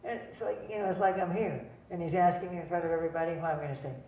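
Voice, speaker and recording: On the low side and warm, this older actress's voice races along very fast as she rambles through anecdotes at a cinema event. She laughs at her own jokes, and the recording of the venue is distant, roomy and lo-fi.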